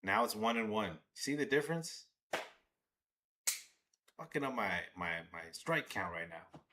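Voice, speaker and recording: A man hosting a live baseball watch-along stream, excitable and swearing as he talks to his chat. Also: on the low side, a little slow, a little hiss or hum. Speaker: livestream host.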